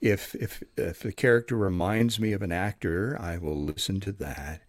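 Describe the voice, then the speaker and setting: A man who works as an audiobook narrator, talking in a relaxed, chatty interview manner with plenty of fillers. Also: deep voice, normal speed, no room sound. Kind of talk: casual interview talk.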